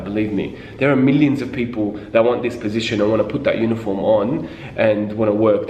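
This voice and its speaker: A man's voice: medium pitch, a little mellow, a little hiss or hum. A young man giving blunt, casual advice on cabin crew interviews, acting out mock quotes and swearing now and then. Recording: echoey room with faint ambience.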